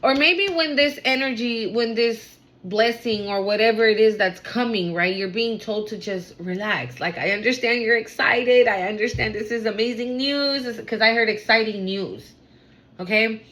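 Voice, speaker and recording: Bright-voiced excitable woman, swearing freely. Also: fairly high pitch, rough recording. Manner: fast, excitable, swears casually, uses slang. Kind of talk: casual spiritual reading to viewers.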